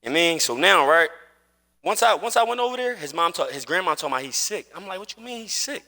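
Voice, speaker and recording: A man's voice: a little high, lively intonation, a little fast, bright, forceful tone. A man streaming live, telling a personal story in casual chat while gaming, emphatic and repetitive, swearing oaths as he goes.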